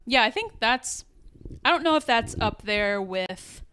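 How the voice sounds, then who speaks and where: A woman's voice: a little high, lively intonation, unhurried, sharp tone, slight background noise. A woman co-hosting a casual podcast, recapping a TV episode scene by scene and quoting the characters. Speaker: podcast co-host.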